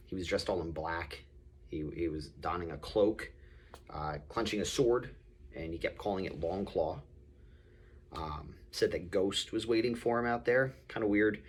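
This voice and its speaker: A man's voice: deep voice, slightly rough. A man in his thirties, a school principal, giving a friendly, casual welcome address with many fillers and restarts.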